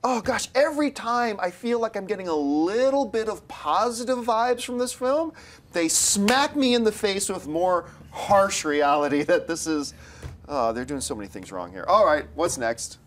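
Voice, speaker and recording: Male panel host, casual talk, excitable and exasperated, lively pitch. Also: normal speed, a little hiss or hum. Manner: animated, exasperated, pitch jumps high when excited. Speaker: show host.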